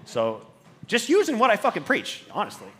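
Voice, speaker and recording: Male stage speaker, high lively bright voice, swears a lot, loud bursts of excitement. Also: normal speed, slight background noise. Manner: swears constantly, loud surges when excited. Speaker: conference speaker. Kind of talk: motivational stage talk. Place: stage at a conference.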